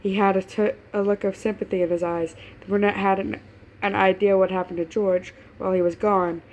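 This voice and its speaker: Eine Frau liest zu Hause Fan-Fiction vor, plaudernd, stolpert über Wörter, mit leichtem Rauschen im Hintergrund. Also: female voice, medium pitch, level tone, a little fast, darkish tone, highs cut off, slight background noise. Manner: chatty, laughing asides, stumbles over words. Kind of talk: casual reading aloud with asides.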